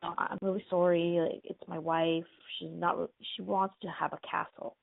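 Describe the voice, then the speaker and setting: A woman's voice: on the low side, little pitch movement, moderate pace, creaky, dry recording. A woman voicing a timid, apologetic fisherman who is easily awed, over a tinny phone-like line. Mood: sheepish. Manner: hesitant, sheepish, gushing when amazed.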